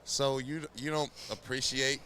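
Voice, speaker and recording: A man from Houston hosting a podcast, speaking reflectively in a soft-spoken casual interview. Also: mid-range voice, fairly even intonation, a little slow, a little hiss or hum. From Houston, Texas. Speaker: podcast host.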